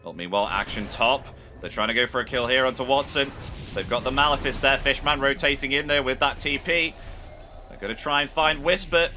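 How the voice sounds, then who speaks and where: A man casting a live esports match play-by-play, building from steady calls to shouted excitement at the big plays. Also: mid-range voice, brisk, faint music behind. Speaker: esports caster. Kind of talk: live game play-by-play commentary.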